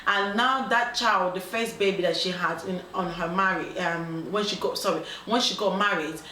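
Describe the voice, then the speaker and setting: A woman casually telling a dilemma story as host. She talks in an animated way, acts out the quoted voices, and often stops on ums and restarts. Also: on the low side, moderate pace. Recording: roomy echo, faint background noise.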